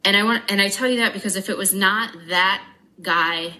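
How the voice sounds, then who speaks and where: A woman's voice: mid-range voice, poor audio. A woman guest giving a candid personal account in an interview, frank and blunt, swearing freely, with wry humor. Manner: brisk, animated retelling with wry humor.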